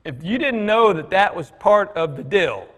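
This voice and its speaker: A man's voice: high-pitched, lively intonation, normal speed, a bit bright, slightly rough. A middle-aged man giving a conversational church talk, telling stories and acting out bits of dialogue in a folksy way. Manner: folksy storytelling, quoting others in dialogue. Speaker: guest speaker at church. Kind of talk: conversational sermon with anecdotes. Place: church hall. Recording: long hall reverb.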